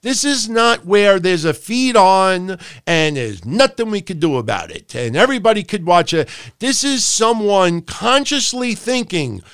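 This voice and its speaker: A man's voice: high-pitched, very animated, unhurried, a bit bright, clean tone, no echo, clean studio sound. A man hosting a wrestling podcast, ranting profanely and animatedly, with mocking impressions of other people. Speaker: podcast host.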